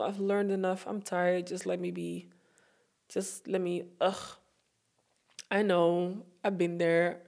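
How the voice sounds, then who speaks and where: A woman's voice: medium pitch, a little mellow. A woman hosting her own motivational podcast, recording herself and speaking in an earnest, heartfelt way, repeating phrases for emphasis. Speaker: podcast host. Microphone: self-recorded.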